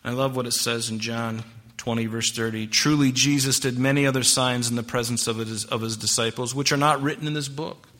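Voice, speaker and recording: Male pastor, bright forceful tone, sermon delivery, emphatic then hushed. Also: mid-range voice, level tone, fairly quick. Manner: expository preaching with scripture quotes; swings between emphatic rises and hushed drops.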